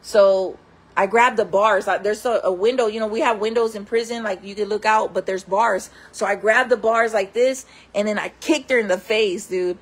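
A woman's voice: mid-range voice, fairly even intonation, normal speed, husky. A woman telling her own stories to camera in casual, candid talk, often calling her viewers friends. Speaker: storyteller host.

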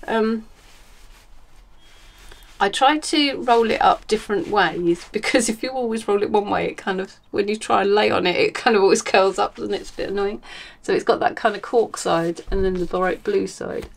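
A woman's voice: mid-range voice, normal speed, vocal fry. Chatty woman, rambling crafting chat. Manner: chatty and rambling, many ums and self-corrections. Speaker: crafting podcast host. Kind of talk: casual chat.

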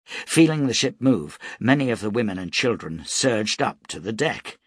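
A man narrating an audiobook in a measured, dramatic storytelling manner. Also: on the low side, very animated, slightly rough, no echo, clean studio sound.

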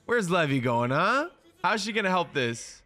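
Excitable young man reacting to anime. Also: high voice, moderate pace. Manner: excitable, swears a lot, slangy. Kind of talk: live reaction commentary.

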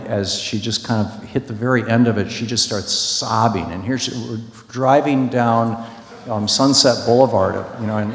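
A man speaks to an audience in a large hall, telling a story in a loose, conversational way. He restarts his sentences often and gets more emphatic as he goes. His voice sits at a middle pitch, and the room around him is echoey with a long reverb tail. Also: a bit bright. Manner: conversational, with many restarts and fillers, growing emphatic. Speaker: speaker at a public talk.

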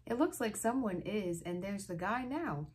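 A woman voicing a calm, thoughtful schoolboy in a storybook read-aloud, in a measured way. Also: medium pitch, lightly acted.

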